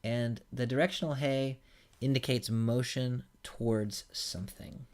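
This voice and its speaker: A man delivers a recorded grammar lesson in an unhurried teaching voice. His pitch sits in an ordinary middle range, and he moves patiently from one example to the next. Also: steady tone. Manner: patient, explanatory, stepping through examples. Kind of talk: recorded lecture.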